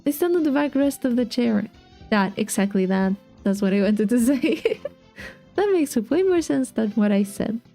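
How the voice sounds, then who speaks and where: A woman's voice: on the high side, animated, normal speed, dark tone. A young woman streaming a game, chatting in a giggly, rambling way. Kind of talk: casual let's-play commentary. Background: faint game music.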